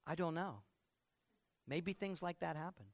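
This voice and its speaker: A man's voice: a little high, animated, measured pace. A middle-aged man preaching a sermon with playful storytelling, acting out scenes. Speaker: pastor.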